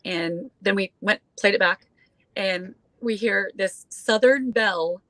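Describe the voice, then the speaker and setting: A woman's voice: medium pitch, takes it slowly, a bit bright, dry recording. A woman in her forties telling a story as a guest in casual chat, full of fillers and acting out the voices of others. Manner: chatty, acts out quoted voices, many fillers.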